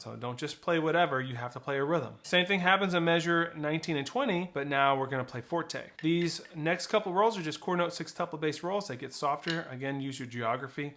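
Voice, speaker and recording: A man's voice: a little high, brisk, hardly any pauses, over loud music. A man teaching snare drum technique, explaining flams and rolls and counting rhythms aloud. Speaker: percussion teacher. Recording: loud drumming behind the voice.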